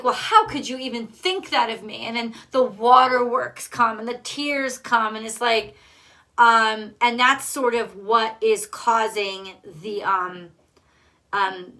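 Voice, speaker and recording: Tarot reader, woman, bright higher voice, blunt and emphatic, swears freely. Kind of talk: casual tarot card reading.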